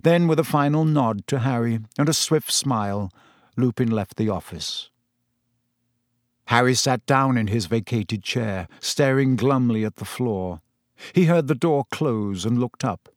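A man reading a storybook aloud as narrator, expressive and steady. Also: mid-range voice, unhurried, no room sound, studio quality. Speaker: audiobook narrator. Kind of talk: scripted narration.

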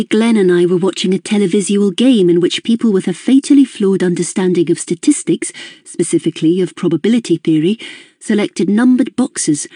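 A woman narrating a first-person audiobook in a measured, introspective way. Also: medium pitch, dark tone, breathy edge, no room sound, studio quality.

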